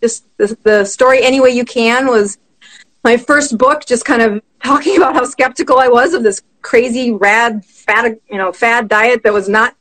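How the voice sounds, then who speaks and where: A middle-aged woman who is a physician guest tells a personal story in conversation, lively and quick to laugh. Her pitch is fairly high, and the recording is rough.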